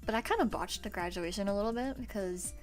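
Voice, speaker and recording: Young woman streamer in her twenties, casual and foul-mouthed, mid-pitched voice, laughs a lot, faint music underneath. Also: fast talker. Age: 20s. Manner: loose and profane, laughing often. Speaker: livestreamer. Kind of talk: casual chat with stream viewers.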